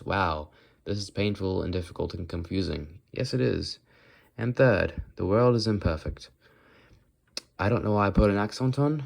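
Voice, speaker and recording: A teen boy with a low voice, vocal fry, and a slightly mellow tone records a casual walk-and-talk vlog. As he walks he rambles through his thoughts, regularly stopping partway through them.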